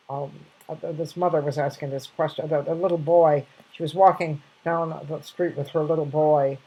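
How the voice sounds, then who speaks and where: A woman's voice: sits low, warm tone, slightly rough, poor audio. An older woman casually sharing reflective anecdotes, rambling with many restarts and fillers.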